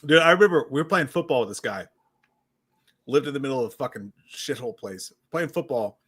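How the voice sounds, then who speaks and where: Animated, bright-voiced man. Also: mid-range voice, brisk, slightly rough. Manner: profane, animated storytelling with loud shouted quotes. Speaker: podcast co-host. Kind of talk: casual livestream chat.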